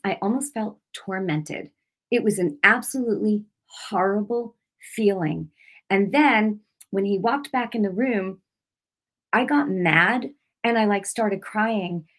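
A woman's voice: medium pitch, slow pace. A middle-aged woman telling a personal faith testimony in a preachy way, with many fillers and restarts, rising into intense acted-out prayers. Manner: emotional, animated retelling with many fillers and restarts; acts out her own prayers and rebukes in a raised, intense voice. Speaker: Christian speaker giving a testimony.

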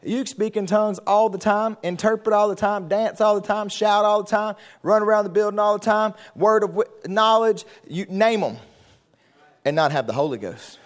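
A man preaching a sermon in a church, fervent and building to shouted call-and-response. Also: sits high, moderate pace. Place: church sanctuary.

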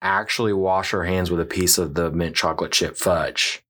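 A man hosting a podcast, telling an embarrassing story in casual chat with animated, self-mocking delivery. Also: low voice, normal speed. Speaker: podcast host.

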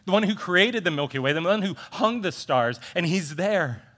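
A pastor preaches a sermon in an animated, conversational style, repeating phrases for emphasis and making asides to his congregation. His voice sits high and moves at a normal speed.

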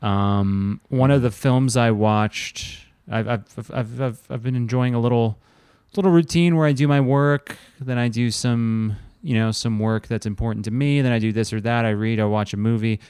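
A man's voice: mid-range voice, steady tone, normal speed, few pauses, darkish tone, clean tone, no echo, studio quality. A man co-hosting a casual comedic chat, rambling crudely and acting out quoted voices. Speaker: podcast co-host.

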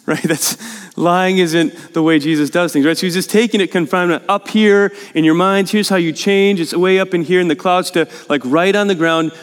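Male pastor, sermon delivery, conversational and earnest, rises to emphatic pleading; slightly high voice, long reverberant church hall. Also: steady tone, brisk, clean tone. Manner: earnest, conversational, often adds "right?"; grows emphatic and urgent in pleading passages. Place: church sanctuary.

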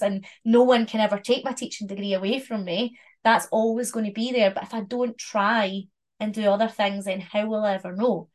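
A woman co-hosting a podcast, talking in a relaxed, reflective way and laughing easily. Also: mid-range voice. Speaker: podcast co-host. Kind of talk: casual chat.

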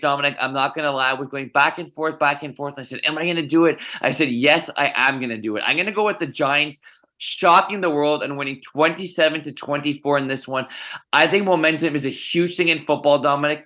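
A man's voice: a little high, a little fast, bright, forceful tone. A man co-hosting a sports podcast, making game picks in casual talk, often turning to address his co-host by name amid plenty of fillers. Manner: repeats the co-host's name, many fillers.

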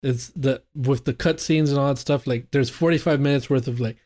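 This podcast co-host is a man who chats casually about games, enthusiastic and loose in his phrasing, with plenty of fillers. His voice is mellow and dark-toned, medium in pitch, fairly even in intonation, and brisk.

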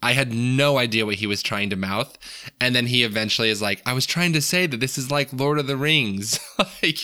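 A man's voice: mid-range voice, fairly quick, bright, forceful tone, smooth. A man in his thirties chatting casually on a podcast, thoughtful and hedging, with many fillers. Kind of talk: casual chat.

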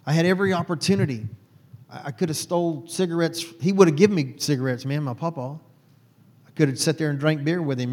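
A man's voice: fairly high pitch, quick pace, a little mellow, in a large hall. A man from Texas, a guest telling his personal faith story in an earnest, heartfelt way.

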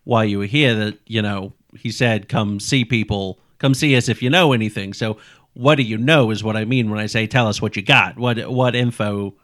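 A man's voice: lowish voice, a bit bright, close to an everyday voice. A man voicing a pushy male police officer who questions a teenager impatiently and sarcastically. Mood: probing. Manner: impatient, sarcastic, quick to accuse.

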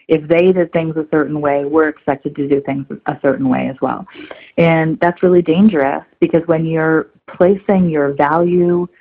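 Breathy woman on a phone-like line. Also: sits low. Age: 30s. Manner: earnest, reflective, heavy use of "like". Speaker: guest. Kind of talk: candid conversational interview.

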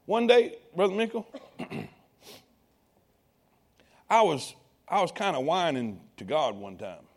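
A man preaching a sermon, calling out to the congregation and swinging between quiet asides and loud appeals. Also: a little high, sing-song, slow. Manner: call-and-response preaching to congregation.

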